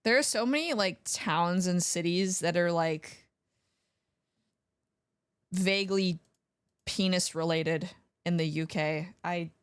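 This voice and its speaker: Casual young woman streamer: slow, relaxed delivery, laughs often, casually profane. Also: mid-range voice. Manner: giggly, swears casually, playful. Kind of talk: casual livestream chat.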